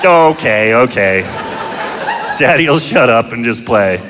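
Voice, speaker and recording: A middle-aged man doing a stand-up comedy set, telling crude, self-mocking stories in a deadpan way, recorded live in a comedy club. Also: medium pitch, takes it slowly, a crowd in the background. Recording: live club show, long hall reverb, audience noise. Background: audience laughter.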